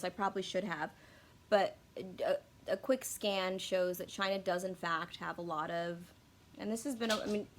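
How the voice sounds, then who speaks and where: Rambling, profane young woman. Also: mid-range voice. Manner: rambling, profane, self-deprecating, loses her words. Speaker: YouTube commentator. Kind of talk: casual unscripted video monologue.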